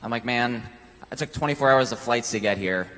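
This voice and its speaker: A man delivering a cocky, deadpan comic monologue on a convention stage. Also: mid-range voice, fairly quick. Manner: cocky, deadpan swagger with swearing. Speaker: contestant cutting a promo. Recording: long hall reverb.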